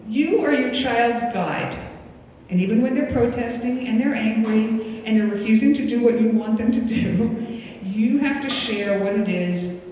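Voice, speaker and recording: A woman in her sixties, a psychiatrist giving a relaxed, conversational parenting lecture, slipping into the voices of the parents and children she quotes. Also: on the high side, moderate pace. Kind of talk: lecture to an audience. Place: lecture hall. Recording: echoey hall from far off, faint noise.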